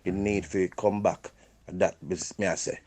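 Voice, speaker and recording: Male caller, lowish voice, animated patois rant, voice-note audio. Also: normal speed. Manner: animated storytelling, patois phrasing. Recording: phone voice note.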